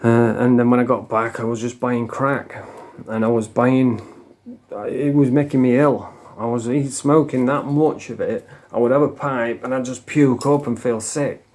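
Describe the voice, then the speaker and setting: A man's voice: mid-range voice, fairly even intonation, moderate pace, darkish tone. Man, frank and foul-mouthed, casual storytelling to camera. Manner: frank, swears a lot, plain-spoken. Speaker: former addict telling his story.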